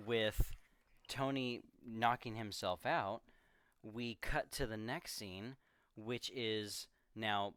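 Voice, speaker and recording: A man with a fairly low, smooth, clear voice, co-hosting a podcast and recapping a film in relaxed casual chat. He tells the story with animated energy, often slipping into quick impressions of the characters. The sound is dry and close, with no room echo. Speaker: podcast co-host.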